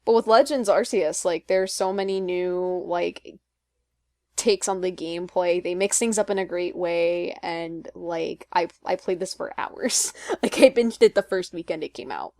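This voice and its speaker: A woman's voice: on the low side, measured pace, a little mellow, no echo, studio quality. A woman co-hosting a podcast, chatting casually and upbeat with lots of fillers. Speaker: podcast co-host. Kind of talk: casual chat.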